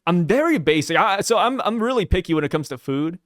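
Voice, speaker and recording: A man's voice: high-pitched, very animated, a little fast, fairly bright tone, no echo, clean studio sound. A man hosting a casual podcast discussion, laid-back and jokey, poking fun at himself. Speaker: anime podcast host. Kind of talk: casual chat.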